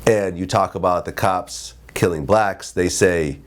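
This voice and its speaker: Low-voiced male interviewer. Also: a little slow. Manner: conversational, repeats words as he gathers his thought. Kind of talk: casual interview conversation.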